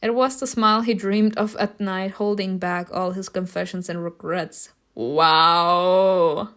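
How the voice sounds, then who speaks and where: A woman reading a story game's narration aloud, breaking off for loud, laughing reactions and casual swearing. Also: mid-range voice, little pitch movement, moderate pace. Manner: reads narration evenly, bursts into loud laughing outbursts. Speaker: streamer reacting to a story game.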